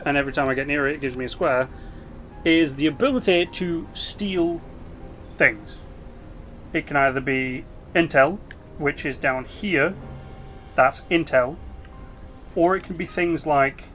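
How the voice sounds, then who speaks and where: A man talks through a strategy game in loose, casual commentary, his voice sitting a little high for a man. He breaks off for asides and restarts his sentences as he explains the rules. Faint music plays underneath. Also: a bit bright. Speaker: gaming video host.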